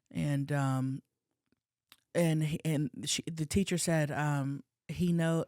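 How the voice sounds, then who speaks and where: Lower-pitched woman telling a story on a podcast. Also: slow pace, no room sound, studio quality. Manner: animated storyteller, acts out quoted voices, crude jokes. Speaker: podcast co-host. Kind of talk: casual storytelling chat. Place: podcast studio.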